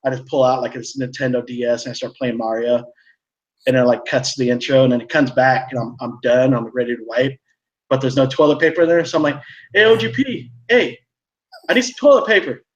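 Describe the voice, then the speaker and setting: A man's voice: mid-range voice, fairly even intonation, fast talker, darkish tone, dull audio. A man telling a long, rambling story in casual live-stream chat, full of "like" and restarts. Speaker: co-host.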